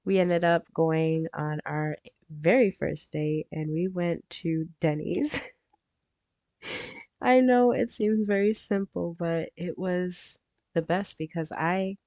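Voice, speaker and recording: A woman's voice: fairly low pitch, fairly even intonation, slow, long pauses, a little mellow, no echo, dull audio. A woman vlogger telling a personal story in casual chat while crafting, laughing often as she talks. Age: adult with a grown son.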